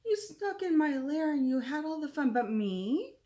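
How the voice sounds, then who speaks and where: A woman's voice: sits high, big pitch swings, normal speed, mellow, voice pushed up. A woman voicing a grumpy, big bear who complains that he missed the fun, in a picture-book reading. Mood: sulky. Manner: complaining, sulky.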